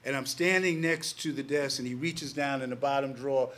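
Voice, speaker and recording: A man in his sixties, a panelist telling a personal story to a packed live audience, animated and acting out the voices of the people in it. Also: mid-range voice, a little fast. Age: 60s. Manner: animated, acts out quoted voices, laughs between lines. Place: packed public panel gathering.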